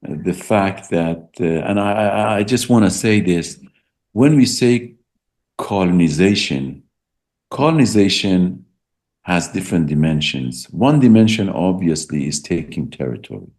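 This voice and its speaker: A man's voice: low voice, expressive, a little slow, darkish tone. A middle-aged man, a political science professor and English speaker, speaking emphatically in an interview and repeating words for stress. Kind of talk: academic interview.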